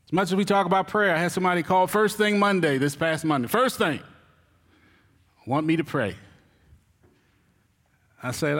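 A middle-aged male pastor delivers a sermon in a relaxed, folksy manner, throwing rhetorical questions at his listeners. His voice sits slightly high for a man. The sound carries a long reverb, as if he is in a church sanctuary. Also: normal speed, long pauses.

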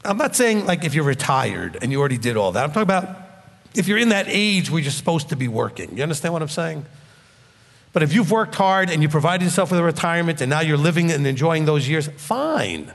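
Man, 50s, blunt scolding preacher, high lively voice, long hall reverb. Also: a little fast, gravelly. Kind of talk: sermon.

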